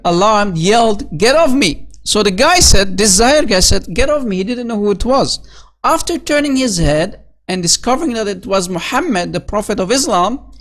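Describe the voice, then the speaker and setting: A speaker giving a solo commentary, reading citations and numbers aloud, then scornfully mocking the passages with sarcastic asides and lots of "basically" and "you know". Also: medium pitch. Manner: scornful, sarcastic, quick to sneer. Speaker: online religious critic.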